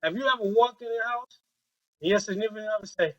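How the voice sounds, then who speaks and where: A man leading a training workshop with a group, talking in a lively, joking way and acting out quoted voices on a handheld mic. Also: sits high, fast, low-quality recording.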